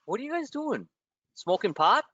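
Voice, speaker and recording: A man's voice: extremely high pitch, very animated, moderate pace, pushed and bright, no echo. A man, a trading coach hosting a live member Q&A, who talks in a blunt and profane way straight at his listeners. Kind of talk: live online session, rambling rant. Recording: dull lo-fi, dry sound.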